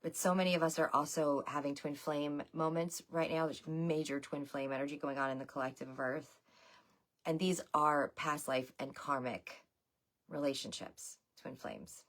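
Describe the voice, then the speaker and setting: A woman with a low voice gives a loose, chatty tarot reading on a casual livestream at a moderate pace. She addresses her viewers as "y'all."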